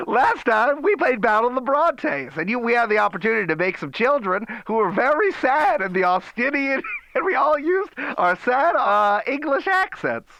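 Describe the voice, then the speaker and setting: A man's voice: extremely high pitch, very animated, moderate pace, vocal fry, pushed and bright, no room sound, voice pushed up, exaggerated voice, low-quality recording. Man doing a brassy 1920s old-timey showman. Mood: jaunty. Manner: rambling, brassy old-time showman patter. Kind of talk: comedic voice for a tabletop game podcast.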